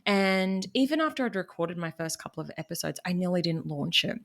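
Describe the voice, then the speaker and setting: A woman's voice: on the low side, lively intonation, fairly quick. A woman with a Queensland Australian accent, a guest chatting candidly and animatedly about her business, laughing at herself. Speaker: guest, marketing business owner. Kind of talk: casual interview chat.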